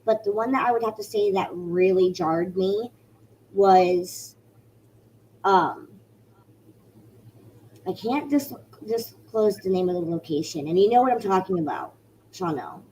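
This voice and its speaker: Woman, mellow, halting restarts, casual podcast guest, faint hum behind. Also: mid-range voice, lively intonation, rough recording. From Indiana. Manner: halting, restarts mid-sentence. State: wearing an arm sling after surgery. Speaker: paranormal investigator, guest.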